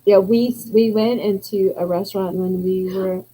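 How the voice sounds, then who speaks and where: A woman's voice: mid-range voice, fairly even intonation, normal speed, mellow, slight background noise, poor audio. A woman with a Southern US accent, co-hosting a casual chat show in a chatty, drawling way with many fillers. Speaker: podcast co-host.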